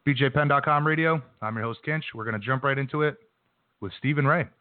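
A man's voice: mid-range voice, fast, no echo. A man hosting a combat sports radio show, recapping the week's news in a casual, brash manner before interviewing a fighter. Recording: dry phone-quality line.

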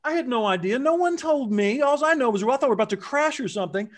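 A man telling a story in casual conversation, acting out quotes with lively jumps in his voice. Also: fast talker. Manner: animated, acts out quotes with big pitch jumps.

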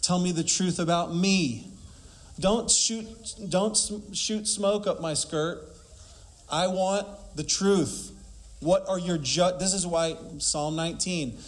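A man's voice: a little high, slow pace. A man preaching a sermon emphatically, asking rhetorical questions and quoting scripture.

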